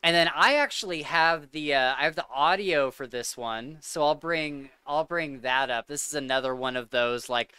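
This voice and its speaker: A man hosts a casual podcast chat, gushing and enthusiastic, with lots of likes and ums. His voice is higher, bright and crisp, and it sits dry and close to the mic. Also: normal speed, hardly any pauses, no room sound. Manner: enthusiastic, gushing, filler-heavy. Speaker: podcast host.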